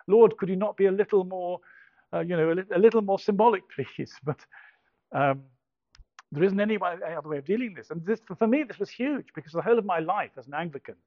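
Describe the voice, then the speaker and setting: Middle-aged man from England, anecdotal storyteller, slightly high voice, many restarts, self-mocking, dry and dull lo-fi sound. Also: no echo. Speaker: speaker telling a conversion story.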